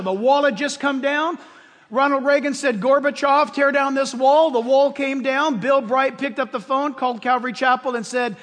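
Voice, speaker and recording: A male pastor with a strikingly high voice preaches with passion and emphasis, often pushing up into shouts. His voice rings through a church with a long, echoing reverb trail. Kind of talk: sermon. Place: church sanctuary with congregation.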